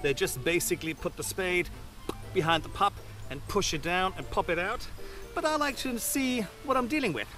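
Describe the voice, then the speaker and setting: A man's voice: sits high, expressive, moderate pace, pushed and bright, soft background music. A man hosting a gardening video outdoors in his garden, chatting casually through a how-to with self-mocking asides.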